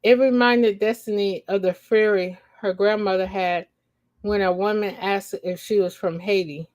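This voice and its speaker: A woman's voice: mid-range voice, steady tone, a little mellow. A woman reading her own story aloud on a livestream, stopping often to laugh and chat with viewers in slang. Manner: slow reading broken by laughing asides to chat; uses slang, says y'all. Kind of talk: casual live story reading.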